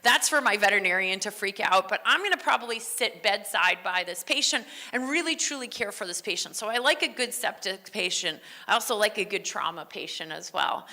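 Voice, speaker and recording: Bright-voiced woman lecturing on veterinary care. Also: mid-range voice, animated, a little fast, hardly any pauses, in a large hall. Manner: conversational, often asks "right?" and answers her own questions. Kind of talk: conference lecture. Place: large lecture hall.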